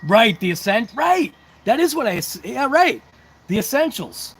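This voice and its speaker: A man's voice: extremely high pitch, big pitch swings, moderate pace, gravelly, a bit bright, slightly rough. A man hosting a casual hobby livestream, chatting to viewers in a rambling, talkative, self-deprecating way. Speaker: RC hobby channel host.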